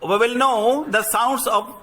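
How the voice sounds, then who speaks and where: A man reading a textbook lesson aloud to children as their teacher, slowly explaining and repeating words. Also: extremely high pitch, steady tone, fairly bright tone.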